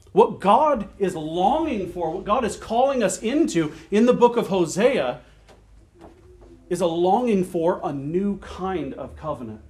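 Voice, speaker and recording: Male pastor, higher-pitched voice, earnest preaching with slow repeated emphasis. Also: darkish tone. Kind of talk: sermon.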